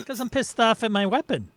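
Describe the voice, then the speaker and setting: A brash man plays his part in an online tabletop game, his slightly high voice swooping all over the place. He jokes and talks loudly. The sound is dry and close. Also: no echo. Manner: brash, loud, laughing, animated. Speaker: player.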